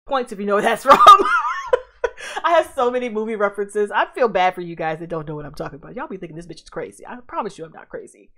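A young adult woman giving casual reaction commentary as a host, excitable and profane with frequent exclamations. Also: fairly low pitch, fairly quick.

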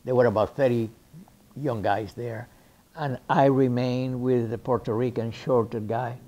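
Mellow Cuban-accented man telling stories. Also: mid-range voice, unhurried. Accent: Cuban Spanish. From Cuba. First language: Spanish. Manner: lively raconteur who acts out the people he quotes. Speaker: interviewee, actor. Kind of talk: anecdotal storytelling interview.

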